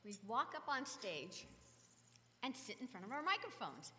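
A woman with a high, bright voice tells a story with lively, acted-out energy. Her voice carries a long hall reverb over a faint noise floor. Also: normal speed. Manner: lively, acts out the scene, laughs. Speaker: devotional musician telling a story. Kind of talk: animated storytelling to an audience.

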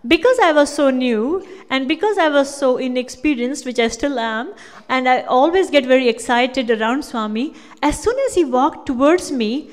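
Woman, Kashmiri speaker, high voice, animated devotional storytelling, long hall echo. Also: normal speed. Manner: animated storytelling, acting out quotes. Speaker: speaker giving a talk with slides. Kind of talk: devotional personal testimony.

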